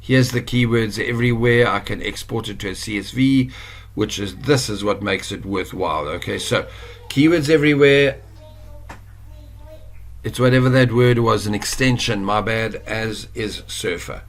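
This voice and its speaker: A South African man with a lowish voice, speaking at a normal speed, works as an online course instructor. He gives a casual screen-share tutorial that is chatty and rambling, and he corrects himself as he goes.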